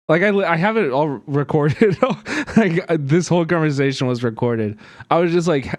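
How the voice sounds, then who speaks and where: A man on a live stream, his voice a little higher than most men's and dry and close to the mic. He talks casually with plenty of fillers, swears often, and gets worked up as he rambles on. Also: expressive, moderate pace, dry recording. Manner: agitated, profane, rambling with many fillers.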